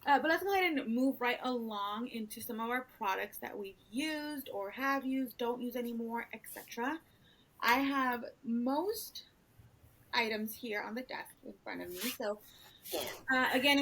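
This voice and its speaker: A woman in her thirties co-hosting a podcast, talking frankly and swearing casually in a relaxed chat. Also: on the high side, moderate pace, slight background noise, rough recording. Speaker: podcast co-host.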